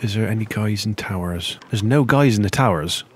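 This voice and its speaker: Chatty man with a low voice. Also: a little fast, slight background noise. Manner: chatty, muttering to himself, sudden high-pitched exclamations. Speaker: gameplay commentator. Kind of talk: let's play commentary.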